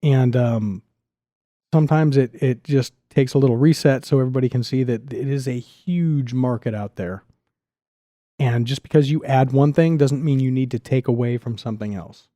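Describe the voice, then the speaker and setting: A middle-aged man chatting eagerly as a podcast guest, talking quickly with frequent restarts. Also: medium pitch, dark tone, dry recording. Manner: enthusiastic, talks fast with restarts. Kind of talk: casual podcast chat.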